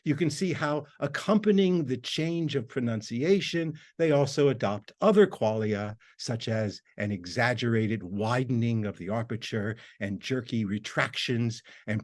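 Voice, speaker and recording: Man, university lecturer, formal prepared talk, measured reading, average pitch. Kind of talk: recorded academic talk.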